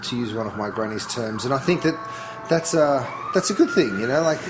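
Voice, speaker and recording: Man, Australian accent, chef guest, casual talk, middle pitch, rambling restarts. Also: animated, fairly quick, background noise. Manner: chatty, thinks aloud with frequent restarts. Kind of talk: casual interview chat.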